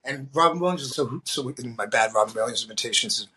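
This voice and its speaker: A middle-aged man from the Boston area, a guest drag performer, telling animated stories and acting out the voices of the people in them. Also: mid-range voice, fast, husky. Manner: animated storyteller, acts out quoted voices. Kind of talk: storytelling interview.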